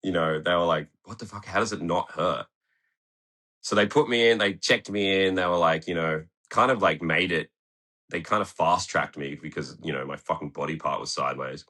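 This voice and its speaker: A man's voice: low-pitched, fairly quick, pushed and bright. An Australian man from Tasmania telling a story in a casual studio interview, laid-back, swearing often and laughing as he talks. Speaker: guest skateboarder. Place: podcast studio.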